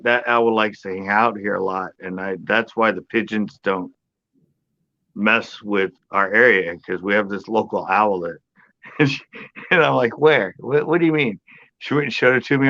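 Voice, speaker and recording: Gravelly man telling a funny story. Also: fairly low pitch, moderate pace, muffled recording. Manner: animated storyteller, acts out quoted voices, laughs a lot. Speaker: podcast panelist. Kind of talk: casual storytelling chat.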